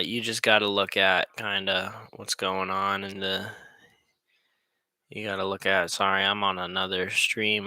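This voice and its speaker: A man's voice: sits low, bright, forceful tone, no room sound, clean studio sound. A young man giving casual, rambling commentary on a live football game stream, joking and laughing often.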